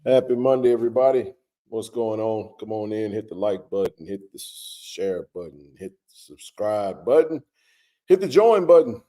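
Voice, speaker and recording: A man hosting a casual live stream, greeting viewers by name with a relaxed, filler-heavy way of talking. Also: fairly low pitch, moderate pace.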